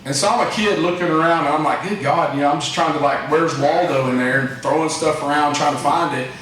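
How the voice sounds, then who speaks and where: A man's voice: a little high, quick pace, a bit bright, a little hiss or hum. A man giving a rambling, folksy motivational talk to his staff as company president. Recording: echoey room, distant mic.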